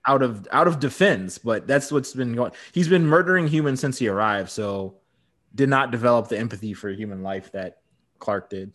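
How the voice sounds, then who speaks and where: A man's voice: medium pitch, normal speed. Brief: man in a casual podcast chat who recaps the plot and laughs easily. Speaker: podcast co-host.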